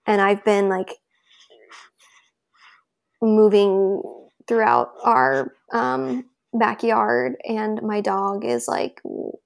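A woman's voice: mid-range voice, big pitch swings, drawn-out words, gravelly, long pauses. A woman as an interview guest, telling a personal story in a chatty, loose way with many filler words. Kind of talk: casual conversational storytelling.

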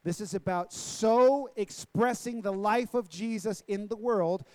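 Male pastor, sermon delivery, emphatic repetition, rhetorical questions; fairly high voice, dry close sound. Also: unhurried, darkish tone, dry recording. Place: church sanctuary.

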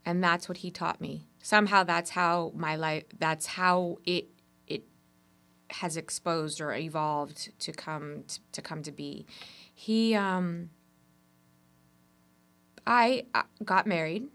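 A woman speaks in a low register with a gravelly edge to her voice. She tells her story as an interview guest, animated and expressive. Her talk moves between excitement and quieter reflection. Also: slow, long pauses. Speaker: entrepreneur guest.

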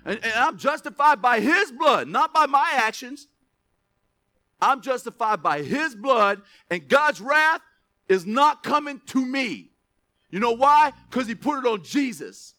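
A man preaching a sermon as pastor, reading verses slowly with emphasis, then dropping into quick asides to the church. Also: extremely high pitch. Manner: animated, stretches scripture words for emphasis, drops to asides.

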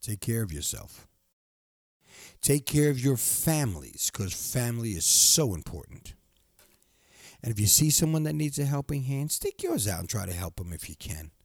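A man's voice: medium pitch, big pitch swings, normal speed, slightly rough, dry recording, studio quality. A middle-aged man hosting his own podcast, talking in a rambling, heartfelt way with lots of fillers and restarts. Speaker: podcast host. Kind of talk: casual solo podcast monologue. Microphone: close studio microphone.

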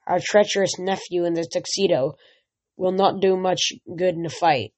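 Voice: medium pitch, steady tone, moderate pace, a little mellow, no room sound, natural voice. Reader as a sulky grumbling Titan guard. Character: grumbling ram-horned Titan guard, resentful. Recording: dull lo-fi recording.

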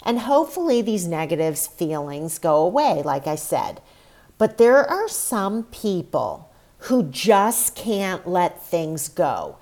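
A woman's voice: on the low side, big pitch swings, slow pace, a little mellow. A woman hosting her own podcast, talking on her own in a candid, chatty, emotional way. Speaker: podcast host. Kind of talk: solo podcast monologue.

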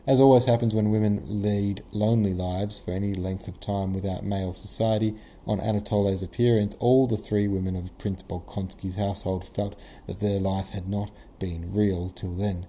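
A man narrating a classic novel as an audiobook, measured and even-toned. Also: fairly low pitch, a little hiss or hum.

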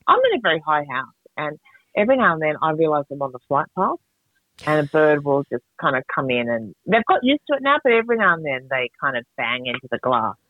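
A woman joining a podcast over a call, telling stories in an animated, casual way over tinny call audio. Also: sits low, quick pace, no echo. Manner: animated storyteller. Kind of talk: casual chat. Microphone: phone or video call.

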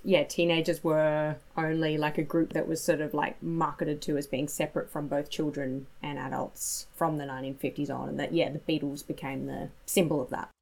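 A woman hosts the conversation with a notably low voice for a woman. She asks thoughtful, measured questions. Her delivery stays calm and considered. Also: creaky, low-quality recording. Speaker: interviewer. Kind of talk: interview chat.

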